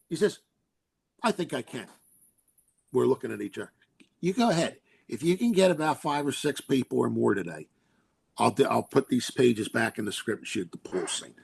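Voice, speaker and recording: A man guest in an interview, an animated storyteller who acts out quotes and laughs often as he recalls directing films. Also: mid-range voice, gravelly, slightly rough.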